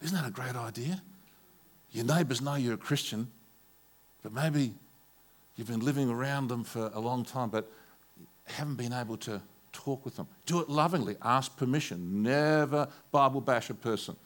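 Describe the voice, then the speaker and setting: An older Australian man preaches a sermon, moving between plain storytelling and forceful, rising declarations. His pitch sits in a typical male middle range, and he speaks as a pastor addressing his congregation. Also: moderate pace.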